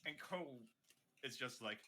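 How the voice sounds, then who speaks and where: A player in a tabletop game, animated and giggly. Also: medium pitch, moderate pace, slight background noise.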